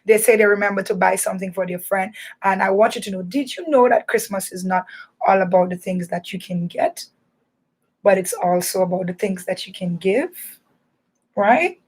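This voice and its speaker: A woman hosting a radio show for children, talking in a playful, animated way. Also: mid-range voice, normal speed, slightly rough. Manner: animated, playful, laughing and teasing. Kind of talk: lively children's radio chat.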